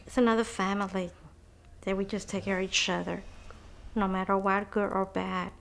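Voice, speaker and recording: A woman's voice: mid-range voice, little pitch movement, moderate pace, creaky, a little hiss or hum. A woman from Houston's North Side tells neighborhood stories in an interview, chatty and humorous, slipping Spanish phrases in. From North Side of Houston, USA. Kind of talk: personal oral-history account.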